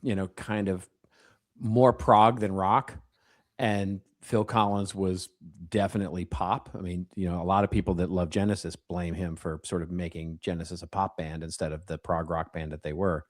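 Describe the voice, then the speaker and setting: A man's voice: low voice, little pitch movement, normal speed, dry recording, clean studio sound. A man co-hosting a podcast, chatting casually, joking and laughing easily. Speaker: podcast co-host.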